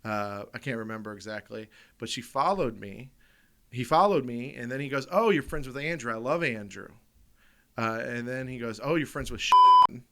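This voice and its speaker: A man's voice: mid-range voice, lively intonation, normal speed, a bit bright, a little hiss or hum. A man with an American accent co-hosting a comedy podcast, telling profane stories and laughing through them. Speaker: podcast co-host. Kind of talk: casual storytelling.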